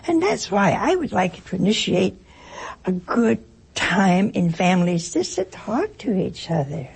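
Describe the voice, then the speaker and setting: Woman, informal talk, joking storyteller, raspy and breathy, rough gravelly edge. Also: medium pitch, big pitch swings, unhurried, a little mellow, low-quality recording. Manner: acts out short exchanges in other voices. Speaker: speaker addressing an audience. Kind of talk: informal spoken talk with anecdotes.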